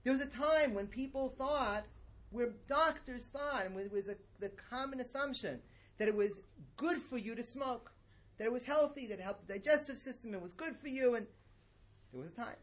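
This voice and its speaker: A man's voice: very high-pitched, moderate pace. Chatty, emphatic middle-aged male teacher. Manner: conversational, digressive, emphatic. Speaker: religious teacher. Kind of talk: lecture-style lesson.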